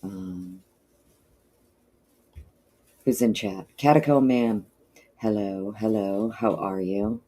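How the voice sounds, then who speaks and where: A woman hosting a casual livestream, greeting viewers in chat by name and calling them honey and darling, sounding low on energy and clearing her throat often. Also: steady tone, slow pace, long pauses, warm tone. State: low energy, not feeling peppy. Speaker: livestream host.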